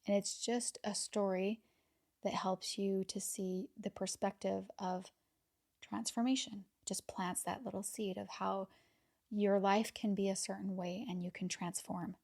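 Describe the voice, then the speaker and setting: A woman hosting a podcast, talking casually and with enthusiasm, sometimes dropping to a soft near-whisper and repeating words as she gathers her thoughts. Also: medium pitch, flat delivery, measured pace, vocal fry. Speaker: podcast host. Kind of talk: casual reflective monologue.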